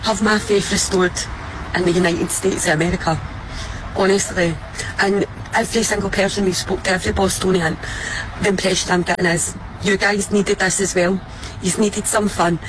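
A Scottish woman giving a heartfelt, grateful message to a city, speaking with emotion and halting restarts. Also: mid-range voice, steady tone, background noise. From Scotland. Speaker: visitor addressing a city. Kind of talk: heartfelt address to the public.

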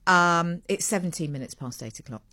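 A woman's voice: on the low side, brisk, very noisy. A woman hosting a radio breakfast show, chatting in a rambling, self-mocking way.

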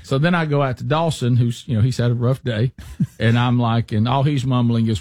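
A man hosts a radio show and spins a story in casual banter, acting out what others said and teasing his co-host. He sits at a middle pitch. The sound is dry and close, with no room around it. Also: fairly quick, no room sound. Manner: animated storyteller, acts out quotes, teasing.

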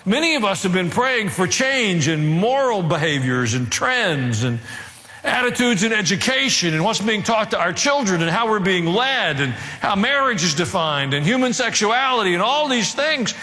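A man's voice: high voice, big pitch swings, moderate pace, pushed and bright. A male pastor preaching a sermon, earnest, with dry asides and a rise to emphatic, fervent delivery. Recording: reverberant hall.

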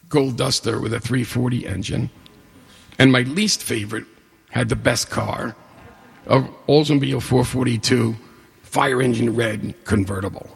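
A gravelly, husky man in his forties or older tells a personal story to a room. He is a lively storyteller who acts out the dialogue with humor. His voice rings with a long reverb, as in a hall. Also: mid-range voice. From New York State.

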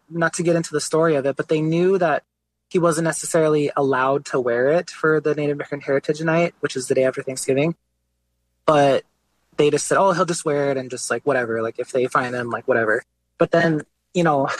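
A young man, a guest artist, tells his story in a relaxed, conversational interview, peppering it with fillers like "like" and "you know." His voice is mid-range and there's no room sound.

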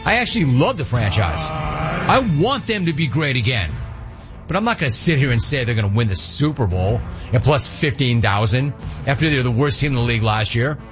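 A man's voice: medium pitch, a little fast, muffled recording, music in the background. A man hosting a sports radio show, telling a casual story and acting out the voices in it. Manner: animated storyteller, acts out voices in anecdotes.

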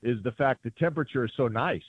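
Speaking quickly with a breathy edge, a golf reporter of medium pitch shares stories on a phone-in radio interview. He's an animated storyteller who voices the people he quotes, heard through a tinny line without room sound.

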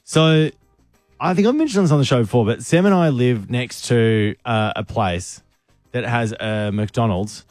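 A man's voice: medium pitch, animated, darkish tone, no echo, soft background music. Male radio co-host, casual banter, teasing, dry close sound. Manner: teasing, drawn-out storytelling. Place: radio studio.

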